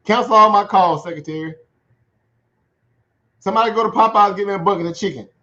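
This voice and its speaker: A man's voice: high-pitched, a little fast, bright, forceful tone, voice pushed up. A man mimicking a bossy, irritated older politician. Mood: annoyed, bossy. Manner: bossy, mocking. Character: irritated older male politician barking orders. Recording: dull lo-fi sound.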